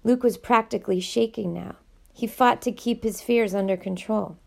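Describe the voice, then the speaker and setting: Gravelly woman reading a novel aloud. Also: a little high, moderate pace. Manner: expressive, animated character reading. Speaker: audiobook reader.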